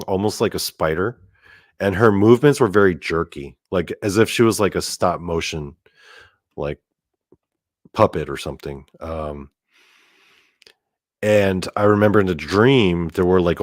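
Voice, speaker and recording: A man's voice: sits low, dry recording, clean studio sound. A man casually telling a story as host, rambling with lots of fillers and frequent swearing. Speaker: podcast host.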